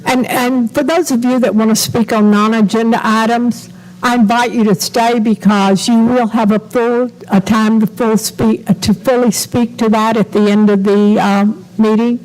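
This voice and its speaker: A woman's voice: a little high, steady tone, moderate pace, a little mellow, poor audio. Polite, firm woman chairing a board meeting. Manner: polite but firm, keeps speakers to the agenda, hesitant with uhs.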